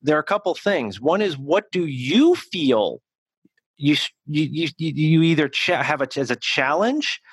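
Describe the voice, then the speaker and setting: Animated man with a fairly high voice. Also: a little slow, breathy edge, no echo. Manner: animated, self-correcting restarts. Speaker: executive communication coach, guest. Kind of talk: conversational interview answers.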